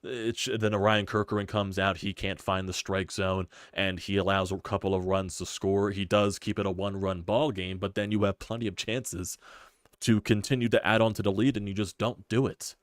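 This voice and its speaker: A man hosting a live sports stream, ranting in frustration with rapid-fire rhetorical questions and profanity. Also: fairly low pitch, little pitch movement, no room sound, studio quality. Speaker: sports channel host.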